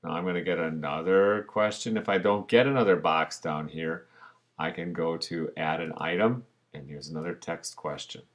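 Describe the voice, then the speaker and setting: A man, a teacher, narrating a screencast tutorial in a relaxed way, talking through each step as he clicks. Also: deep voice, moderate pace.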